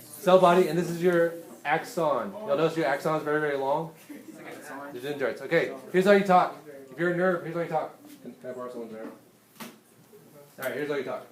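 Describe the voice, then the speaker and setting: A male teacher giving a lively, hands-on classroom lecture and speaking directly to his students. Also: a little high, fairly quick, roomy sound.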